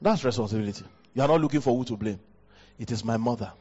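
A pastor with a West African accent preaching a sermon into a handheld mic, leaping up in pitch for emphasis. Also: male voice, fast talker, slightly rough. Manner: animated preaching, jumps high in pitch for emphasis. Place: church hall. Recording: dull hall recording with long reverb.

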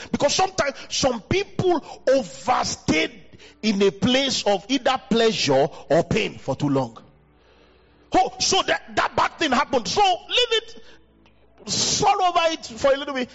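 A pastor with a West African accent preaching a sermon into a handheld mic, leaping up in pitch for emphasis. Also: male voice, a little slow, gravelly, slightly rough. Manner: animated preaching, jumps high in pitch for emphasis. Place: church hall. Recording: dull hall recording with long reverb.

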